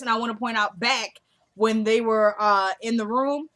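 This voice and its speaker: A woman's voice: a little high, fairly even intonation, moderate pace, background noise. A woman casually recapping a TV episode, chatting and acting out the characters' lines as she goes. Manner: chatty, acts out quotes of the characters. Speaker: TV show recapper.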